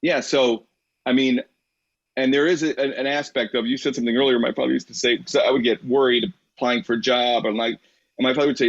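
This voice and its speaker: A man speaking as a guest in a podcast interview, telling anecdotes in a relaxed, conversational way. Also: mid-range voice, fast. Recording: dry, slightly muffled recording.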